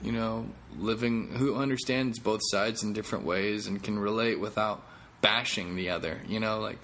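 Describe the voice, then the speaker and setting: A man's voice: lowish voice, steady tone, moderate pace, a bit bright. A comedian hosting his own podcast, talking in a rambling, jokey, self-deprecating way. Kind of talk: casual podcast monologue.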